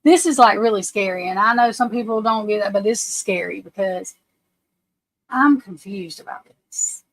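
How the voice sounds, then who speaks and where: A woman's voice: medium pitch, moderate pace, no echo, low-quality recording. A woman hosting a casual livestream, anxious and flustered, often breaking off and restarting her sentences. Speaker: livestream host.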